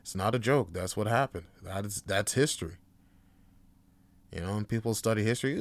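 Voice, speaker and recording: A man hosting a podcast, talking casually and profanely, swinging from heated rants to quiet musing. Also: lowish voice, animated, normal speed, dry recording. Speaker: podcast host. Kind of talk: casual monologue.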